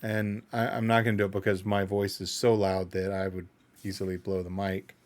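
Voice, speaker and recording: A man's voice: deep voice, flat delivery, normal speed, darkish tone. A man hosting a casual music reaction video, thinking aloud in an analytical, self-doubting way.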